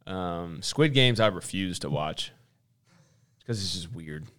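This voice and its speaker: A man's voice: low voice, animated, slow pace, a bit bright. A man co-hosting a casual promotional chat, giving practical reminders in a direct way with some hesitant fillers. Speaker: co-host.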